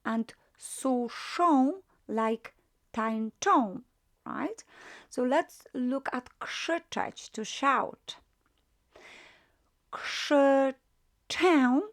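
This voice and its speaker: A woman's voice: on the high side, a bit bright. A woman with a Polish accent teaching a grammar lesson, patiently walking through verb forms and checking in with "right?" after each step. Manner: patient, repeats "right?" after each point, many fillers.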